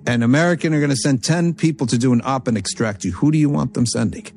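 Animated male religious teacher. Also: mid-range voice, fast talker, vocal fry. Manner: animated, quotes Arabic texts then explains in English; emphatic, repeats phrases for stress. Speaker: Islamic teacher. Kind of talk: religious lecture with storytelling.

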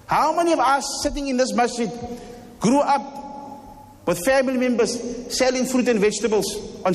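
A man's voice: extremely high pitch, big-room sound. A man giving a fervent sermon as imam, repeating lines and firing rhetorical questions. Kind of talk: impassioned sermon. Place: mosque hall.

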